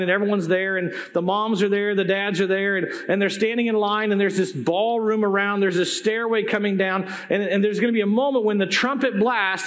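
A man with a high-sitting voice preaches a sermon, telling stories in an animated, conversational way. His volume swings between loud and hushed, and he makes asides to the audience.

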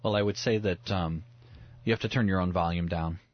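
A man's voice: low-pitched, brisk, dry recording, dull audio. A man speaking as a pastor guest on a radio talk show, earnest and reflective, often restarting his words as he thinks aloud. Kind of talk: radio talk about the Bible.

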